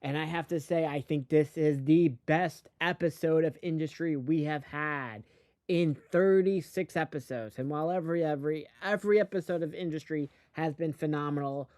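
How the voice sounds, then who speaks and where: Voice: medium pitch, darkish tone, no echo, studio quality. A host giving a casual, rambling and profane recap of a TV episode, speaking bluntly.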